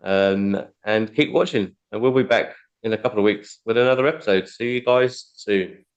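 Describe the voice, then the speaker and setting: Relaxed host on dull lo-fi audio. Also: male voice, lowish voice, normal speed. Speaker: podcast host. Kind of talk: casual chat.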